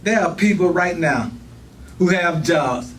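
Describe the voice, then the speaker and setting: A man preaching a sermon in church, talking fast and repeating phrases for emphasis. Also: fairly high pitch, lively intonation, far from the mic, slight background noise, rough recording. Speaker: pastor.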